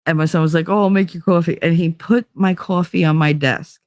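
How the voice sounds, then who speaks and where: A woman's voice: on the low side, brisk, few pauses, no room sound, studio quality. A woman hosting her own stream, telling a story casually, swearing freely and acting out what people said. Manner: animated, swears freely, acts out quotes. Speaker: stream host.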